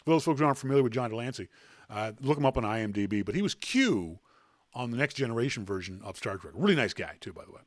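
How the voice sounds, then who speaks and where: A man hosting a podcast, telling a self-deprecating anecdote in a casual, animated way. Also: mid-range voice, quick pace, no room sound, clean studio sound. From Canada. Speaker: podcast host. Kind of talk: casual storytelling.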